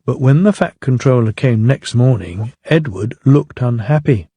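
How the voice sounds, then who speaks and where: An older man narrating a children's storybook in a measured, unhurried way. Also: medium pitch, expressive, dark tone, slightly rough, no room sound.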